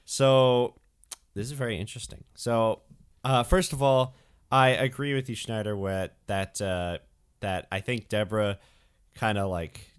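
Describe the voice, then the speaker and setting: A man's voice: fairly low pitch, fairly even intonation, a little slow, smooth. A young man co-hosting a casual podcast, talking through his thoughts in a rambling, hesitant way with many fillers. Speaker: podcast co-host.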